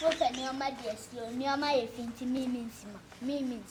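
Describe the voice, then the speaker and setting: A woman with a Ghanaian accent acting in a comedy skit, talking loudly and playfully in broken English. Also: high-pitched, takes it slowly. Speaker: comic actor playing a slay queen. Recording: faint background noise.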